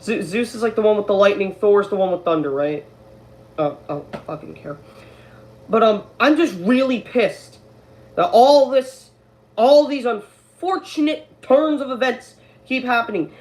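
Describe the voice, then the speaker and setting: A woman's voice: on the high side, lively intonation, a little slow, darkish tone. Exasperated, swearing young-sounding woman ranting. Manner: profane, exasperated, stammering restarts. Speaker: creator of an online animated series, streaming. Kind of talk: angry live-stream rant.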